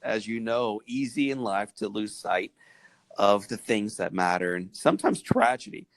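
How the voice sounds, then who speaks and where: A man in his forties from Missouri, telling his life story as a podcast guest with animated, preacherly swings in pitch. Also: normal speed, dry recording. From Missouri, USA.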